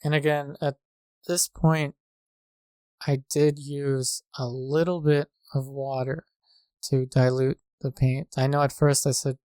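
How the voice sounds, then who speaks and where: A man calmly narrating a painting tutorial in a measured way, often pausing with fillers as he works. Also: mid-range voice, clean tone, dry recording. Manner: calm, measured, with frequent fillers. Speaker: painting instructor. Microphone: desk microphone.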